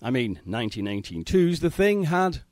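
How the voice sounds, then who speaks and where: Very expressive, articulate man. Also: medium pitch, dry recording, studio quality. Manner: measured, articulate, fond. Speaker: listener sending voice feedback. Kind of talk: prepared spoken message.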